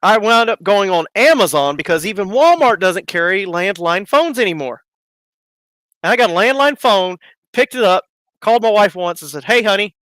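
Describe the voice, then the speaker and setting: A man's voice: high voice, animated, normal speed, fairly bright tone, dry recording. A man casually telling rambling stories on a live stream, laughing and acting out the people in them. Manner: rambling, laughing, acts out voices in his stories. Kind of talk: casual storytelling.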